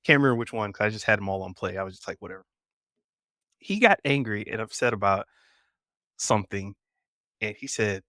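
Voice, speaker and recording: A man's voice: fairly low pitch, brisk, pauses often, no echo, studio quality. A man hosting a podcast in casual chat, telling stories and acting out quotes. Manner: animated storytelling with voiced quotes. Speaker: podcast host.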